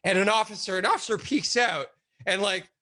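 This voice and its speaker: A man guest telling a story in a casual, animated and profane way, with many fillers. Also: high-pitched, fairly quick.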